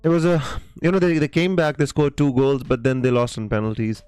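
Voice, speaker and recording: A man hosting a relaxed live stream, reading out viewer comments and answering them in a halting, friendly chat full of fillers and restarts. His voice is smooth and clear, recorded close and dry. Faint music plays underneath. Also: mid-range voice, no echo. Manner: hesitant, many fillers and restarts, calls viewers mate; reads viewer comments aloud.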